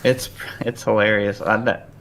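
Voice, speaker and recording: A man co-hosting a movie podcast, briskly running through the list of categories. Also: fairly low pitch, fairly even intonation, vocal fry, a bit bright, a little hiss or hum. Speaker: podcast co-host. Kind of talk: casual film discussion.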